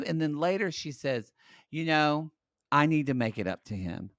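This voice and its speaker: Catty, expressive podcast man. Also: on the high side, normal speed, no room sound. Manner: catty, expressive, swears freely. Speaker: podcast co-host. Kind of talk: casual chat recapping reality TV.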